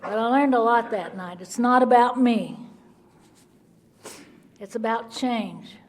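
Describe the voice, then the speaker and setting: A woman's voice: fairly high pitch, slow. A middle-aged woman, telling her recovery story bluntly and earnestly at a speaker meeting. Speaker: Al-Anon speaker. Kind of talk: recovery talk, personal story.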